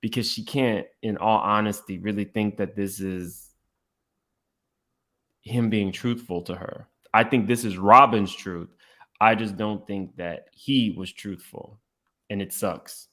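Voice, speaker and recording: A man's voice: fairly low pitch, fairly even intonation, measured pace, fairly bright tone. A man hosting a reaction commentary, blunt and opinionated, talking straight to his viewers. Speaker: commentary host. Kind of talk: reaction commentary on podcast clips.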